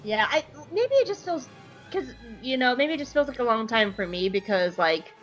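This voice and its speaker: A young woman with a fairly high voice recaps an episode in chatty, irreverent podcast talk, swearing now and then. The recording is slightly muffled and lo-fi, with faint music behind her. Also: animated, moderate pace. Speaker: podcast host.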